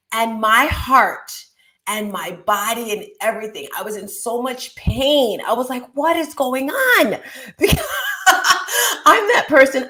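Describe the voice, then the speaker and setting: A woman's voice: mid-range voice, a bit bright. A middle-aged woman hosting a show, talking casually and with lots of animation, often laughing as she shares personal stories and advice. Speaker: podcast host. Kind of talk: casual motivational talk.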